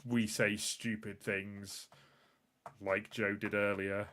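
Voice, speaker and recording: A man's voice: lowish voice, level tone, slow, a bit bright. A man hosting a casual live-stream podcast, rambling loosely through the sign-off with plenty of filler words. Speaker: podcast host.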